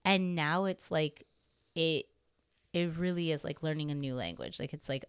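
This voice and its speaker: A woman's voice: low voice, moderate pace, smooth, no echo. A young woman co-hosting a podcast, chatting casually in a rambling way, swearing freely and laughing often. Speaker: podcast co-host. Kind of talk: casual chat.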